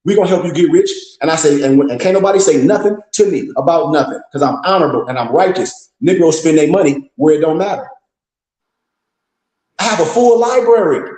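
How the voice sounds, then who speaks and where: Guy ranting at the crowd, blunt and cussing, bit high and mellow, echoey room. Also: lively intonation, a little fast. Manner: blunt, profane, scolding. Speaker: host of a live discussion. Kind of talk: impassioned lecture-style talk.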